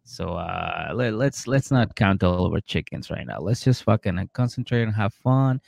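A man's voice: on the low side, normal speed, creaky, no room sound, full character voice. A man voicing a blunt, swearing young woman from a reality show, retelling her lines in a comedy podcast. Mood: cautious. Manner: brash, swearing, excitable.

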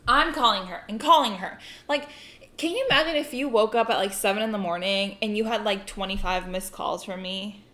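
A young woman co-hosting a podcast, telling a story in casual chat, animated and swearing freely as she acts out the people in it. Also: mid-range voice, a little fast, echoey room. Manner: animated, swears a lot, acts out quoted voices. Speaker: podcast co-host.

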